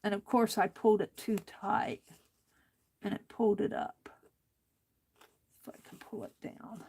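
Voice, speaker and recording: Slow-talking woman muttering while she stitches. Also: medium pitch, fairly even intonation, a little mellow, husky. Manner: muttering to herself while stitching, mildly frustrated. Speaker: art journaling host. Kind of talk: casual crafting demonstration.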